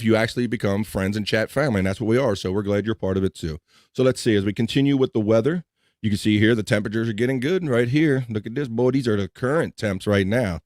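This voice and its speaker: A man's voice: lowish voice, no room sound, clean studio sound. A man with a slight Mid-Atlantic American twang hosting a live podcast show, chatting casually and restarting his sentences as he goes. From Mid-Atlantic United States. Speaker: podcast host. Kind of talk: casual live-stream chat.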